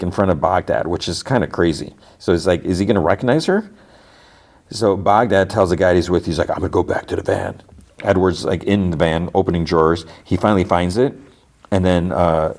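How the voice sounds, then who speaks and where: Very deep-voiced man recapping casually. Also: fairly quick, darkish tone. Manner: rambling retelling packed with "like", acting out dialogue. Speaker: podcast host.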